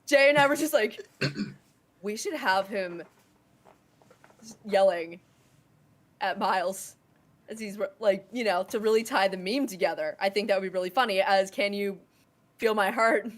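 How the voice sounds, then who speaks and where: A woman's voice: mid-range voice, unhurried, pauses often. A woman co-hosting a podcast, telling a story in casual chat and acting out the quotes with bursts of laughter. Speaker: podcast co-host.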